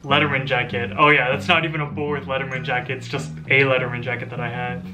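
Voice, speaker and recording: A man's voice: medium pitch, level tone, quick pace, over music. A young man casually reacting to his own old video, amused, rambling and often laughing. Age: young adult.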